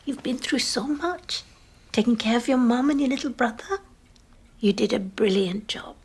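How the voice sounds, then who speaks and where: An actress playing a gentle social worker in a TV drama, speaking in a soft, hushed, persuasive way. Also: female voice, on the high side, normal speed, slightly rough.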